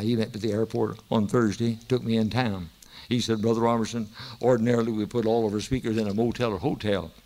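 A man's voice: mid-range voice, a little mellow. Fervent male preacher telling a story. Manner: fervent, rising to emphatic exhortation. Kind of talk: sermon with storytelling.

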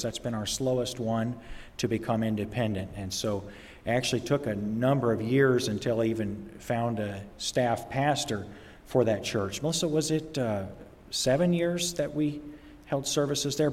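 Chatty pastor in a reverberant church. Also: male voice, mid-range voice, a little mellow. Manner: chatty, halting, many fillers. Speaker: visiting pastor. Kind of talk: informal talk from the pulpit. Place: church sanctuary. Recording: long reverb in a church hall.

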